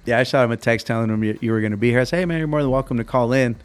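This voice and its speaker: A man's voice: medium pitch, very fast. A young adult man hosting a podcast, telling stories in a laid-back way with lots of fillers, his voice cracking now and then. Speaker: podcast host. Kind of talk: casual interview chat.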